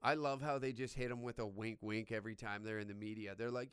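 A young man with a crude, loud and sarcastic manner, delivering a profane comedic rant into a close mic. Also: on the low side, fast, few pauses, smooth, no room sound. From Canada.

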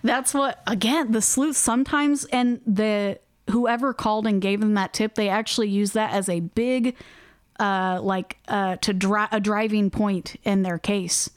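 A woman co-hosts a chatty podcast. She tells her story in an animated way and slips into the voices of the people she quotes. Her voice is smooth and clean, recorded with very little room sound. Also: medium pitch, unhurried, no room sound, studio quality. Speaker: podcast co-host. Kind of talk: casual chat.

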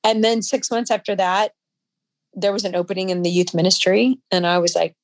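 A woman guest in an interview, telling a personal story in a halting, emotional way with frequent restarts. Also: medium pitch, steady tone, dry recording.

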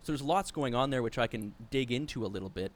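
Animated man co-hosting a podcast. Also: mid-range voice. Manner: animated, quick to jump in and steer the talk. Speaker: podcast co-host. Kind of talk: casual wrestling chat.

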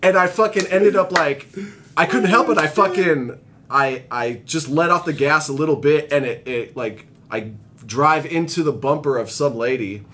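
A young man telling rambling, profane stories in casual chat, laughing often and growing animated as he retells them. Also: normal speed. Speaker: guest telling recovery stories. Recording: faint low rumble.

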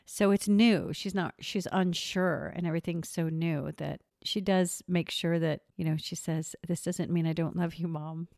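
A middle-aged woman host chatting casually, telling stories with animated restarts and laughs. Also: fairly low pitch, moderate pace, vocal fry, few pauses, dry recording, clean studio sound. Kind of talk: casual chat.

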